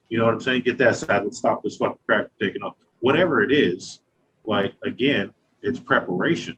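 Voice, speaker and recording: A man's voice: mid-range voice, a little fast, fairly bright tone, breathy edge, lo-fi sound. Profane, easygoing man talking shop. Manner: profane, loose, storytelling with acted quotes. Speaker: glass artist guest. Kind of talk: casual interview talk.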